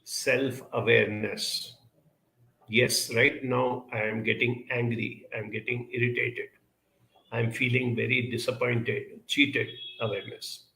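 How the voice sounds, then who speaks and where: A man answering audience questions in a reflective advice talk, speaking in a measured, deliberate way with frequent pauses. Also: mid-range voice, level tone, creaky, pushed and bright, reverberant, rough recording.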